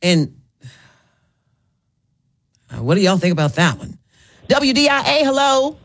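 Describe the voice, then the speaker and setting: A woman's voice: mid-range voice, sing-song, measured pace. A woman radio host, chatting with callers in an emphatic, repetitive way. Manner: chatty, emphatic, repeats herself. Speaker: radio talk show host. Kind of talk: call-in radio talk.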